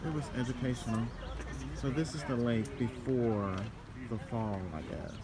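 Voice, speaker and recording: Man, travel vlogger, casual, rambling, mid pitch, lots of ums. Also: normal speed, crowd noise. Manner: rambling, with many fillers and self-corrections. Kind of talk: casual vlog talk to camera.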